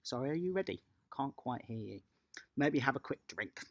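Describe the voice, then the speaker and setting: A children's tennis coach, giving a lively, encouraging home lesson and praising the young players outdoors in a garden. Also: medium pitch, moderate pace.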